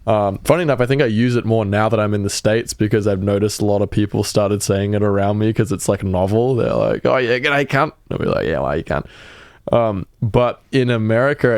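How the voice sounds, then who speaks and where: A man's voice: lowish voice, darkish tone, clear, resonant tone, dry recording, clean studio sound. A young Australian man with an Australian accent, chatting casually and swearing freely as he explains slang. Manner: laid-back, swears casually, laughs often. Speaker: podcast guest explaining slang. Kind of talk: casual chat.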